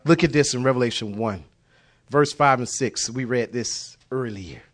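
A man preaching a sermon with passion, repeating phrases and shouting key words for emphasis. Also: medium pitch, moderate pace.

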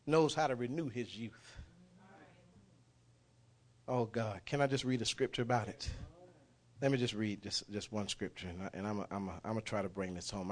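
A man preaching a sermon, folksy and impassioned, swinging from quiet talk to shouting. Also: on the low side. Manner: folksy, dialect speech.

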